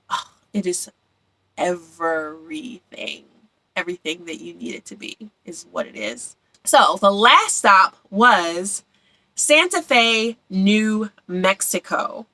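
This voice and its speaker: Young woman vlogging about a road trip, chatty, kinda slow, bright tone, repeats stuff for emphasis. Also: medium pitch, dry recording, low-quality recording. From Philadelphia. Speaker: travel vlogger. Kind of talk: casual travel recap.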